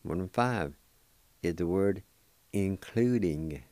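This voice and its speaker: A man hosting a radio language lesson, spelling words out letter by letter and repeating each one slowly and carefully. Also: sits low, mellow, no room sound.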